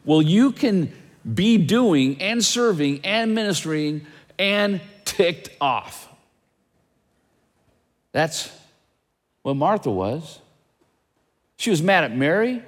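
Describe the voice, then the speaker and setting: Male pastor, sermon delivery, lively swinging pitch, long echo of a church hall. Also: slow, long pauses. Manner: animated preaching with rhetorical questions.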